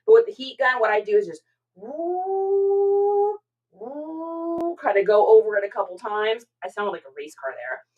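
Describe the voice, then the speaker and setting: Middle-aged woman, live-stream host, chatty and expressive, average pitch. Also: fast, few pauses, phone-quality sound. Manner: chatty and expressive, with frequent fillers and repeated words. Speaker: reseller hosting a live stream. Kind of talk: casual live-stream chat, reading out viewer comments.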